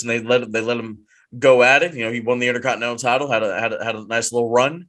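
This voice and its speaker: A man co-hosting a wrestling podcast in casual chat, animated and quick to repeat himself when he gets going. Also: mid-range voice. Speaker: podcast co-host.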